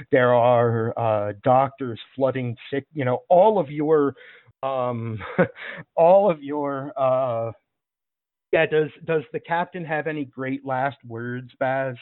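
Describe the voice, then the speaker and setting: A man narrating as game master of a tabletop game in a relaxed, halting way with fillers. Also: mid-range voice, no room sound, phone-quality sound.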